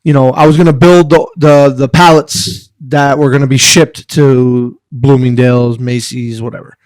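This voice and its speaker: A man telling stories as a podcast guest, heated, profane and animated. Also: mid-range voice, normal speed, dry recording, rough recording. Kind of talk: casual storytelling.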